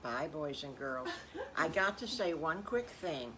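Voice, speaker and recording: An older woman improvises a children's story, speaking very slowly in a somewhat low voice. She is folksy and breaks off for chuckling asides to her young listeners. A faint hiss sits under the voice. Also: expressive.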